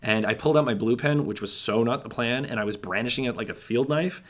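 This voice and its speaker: A man's voice: medium pitch, fast talker, close to an everyday voice. A man playing a jittery, paranoid young man, rambling with wry asides to the listener in a monologue. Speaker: first-person narrator. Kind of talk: monologue storytelling.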